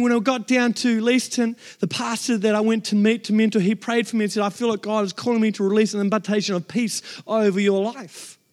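A man preaches a heartfelt sermon in a strikingly high voice. He tells his story earnestly and passionately, pushing up into shouts as he goes. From New Zealand. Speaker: pastor.

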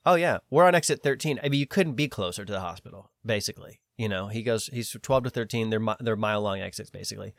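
A man's voice: on the low side, quick pace, creaky, few pauses, no echo, clean studio sound. A man on a podcast telling a long story in a casual way, quoting other people in his own voice and swearing now and then. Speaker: podcast host.

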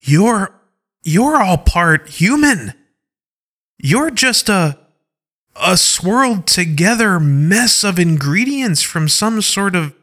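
A man's voice: on the high side, fairly bright tone. A man playing a shaken human space explorer who exclaims and stammers.

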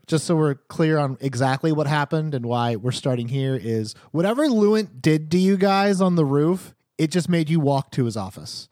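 A man's voice: fairly high pitch, a little mellow, dry recording, studio quality. A man narrating a tabletop game as game master, in a casual, rambling way with many fillers.

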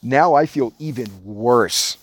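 A man from Orange County, California, telling a profane story as a podcast guest in a casual, animated way. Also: medium pitch, slow.

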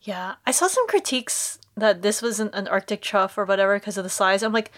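A woman's voice: mid-range voice, lively intonation, a little fast, few pauses, fairly bright tone. A woman co-hosts a podcast in loose, casual chat. She is open and emotional, and swears freely as she walks through a series episode by episode. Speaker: podcast co-host.

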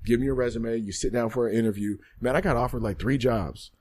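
A man's voice: medium pitch, fast talker, a little mellow, slightly rough. A man in his thirties, a guest in a podcast studio, speaking candidly and reflectively about his life, often repeating phrases. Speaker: guest, former football player. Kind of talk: candid interview storytelling.

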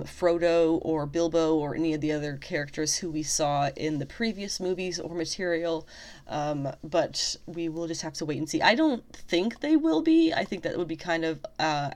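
A woman talking casually about a show trailer, full of fillers and restarts, openly excited. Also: low-pitched. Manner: chatty, lots of fillers and self-corrections; excited and enthusiastic. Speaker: fantasy fan video host.

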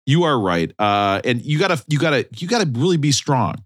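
A man's voice: medium pitch, big pitch swings, fairly quick, no room sound, studio quality. A man hosting a podcast in casual banter, sarcastic and mock-outraged, joking with his co-hosts. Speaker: podcast host.

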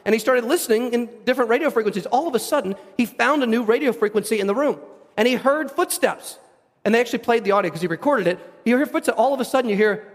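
A man preaching a sermon with a high, lifted voice. He talks plainly and conversationally, doubling up words as he pushes a point. The sound rings with the long reverb of a church hall. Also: quick pace. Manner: conversational preaching, repeats words when building up. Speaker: pastor.

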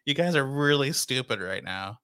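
A man's voice: medium pitch, normal speed, clean tone. A young man co-hosting a casual podcast chat, laughing often and acting out quotes. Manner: laughing, animated, acts out quotes. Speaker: podcast co-host.

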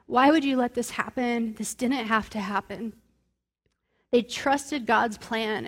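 Casual woman preaching on scripture. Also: fairly high pitch. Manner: conversational, many fillers, reads verses aloud. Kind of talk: casual sermon on a Bible passage.

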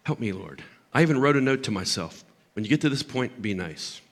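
An older man preaching a sermon as pastor, impassioned, swinging from loud emphatic peaks down to low, quiet asides. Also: very animated, fairly quick.

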